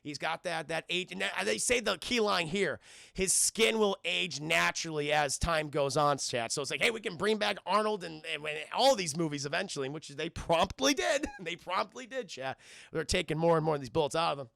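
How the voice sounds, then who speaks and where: Gravelly guy hyped up recapping a movie for chat, swears a lot, dry close mic. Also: on the high side, no room sound. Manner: excitable, swears, acts out lines in quick voices. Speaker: film reviewer streaming to chat. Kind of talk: casual scene-by-scene recap.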